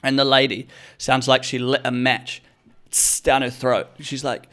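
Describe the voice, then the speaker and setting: A man's voice: medium pitch, normal speed. Young male host, casual comic storyteller, profane and slangy, talks straight to the listener. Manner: animated, swearing, slangy, addresses listener as bro. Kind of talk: casual comedic storytelling rant.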